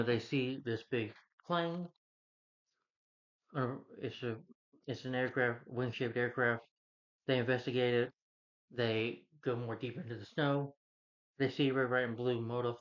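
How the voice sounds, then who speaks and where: A man's voice: mid-range voice, fairly even intonation, measured pace, pauses often, highs cut off. A man giving a casual, rambling plot recap as a movie reviewer, earnest when praising the hero. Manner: rambling, loose retelling with restarts; earnest, heartfelt asides.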